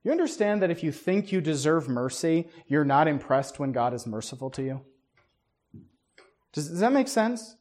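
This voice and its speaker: A man's voice: on the high side, sing-song, moderate pace, darkish tone. A man preaching a sermon, emphatic, with many rhetorical questions and stammering restarts. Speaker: pastor.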